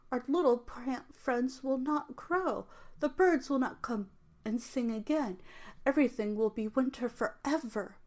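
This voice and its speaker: A woman's voice: a little high, darkish tone. A young adult woman who hosts her own channel, chatting to viewers and then reading a children's fairy story aloud in a lilting storybook manner.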